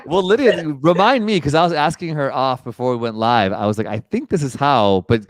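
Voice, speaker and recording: A man co-hosting a live online chat show, upbeat and encouraging, with quick asides. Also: medium pitch, animated. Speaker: co-host.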